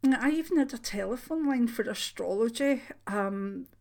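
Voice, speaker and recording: An older woman with a soft Scottish accent, chatting casually to her channel viewers, rambling with frequent ums and restarts. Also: fairly high pitch, lively intonation, moderate pace, gravelly. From Scotland. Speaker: channel host, retired clairvoyant. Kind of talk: casual chat to camera.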